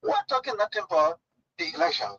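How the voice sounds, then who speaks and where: A man, a radio guest telling stories in an animated, dramatic way. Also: high-pitched, quick pace, muffled recording. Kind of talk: casual chat, storytelling.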